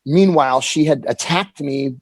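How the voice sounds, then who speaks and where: A man in his forties telling a candid personal story as an interview guest, earnest and halting, often restarting his sentences. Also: fairly high pitch, rough recording.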